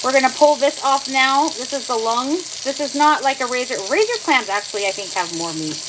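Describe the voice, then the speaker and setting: A woman's voice: sits high, expressive, a little fast. A woman hosting a casual livestream from her kitchen, chatting and explaining step by step while she works with her hands. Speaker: livestream host. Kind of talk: casual live demonstration. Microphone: phone. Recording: phone livestream with clear background noise.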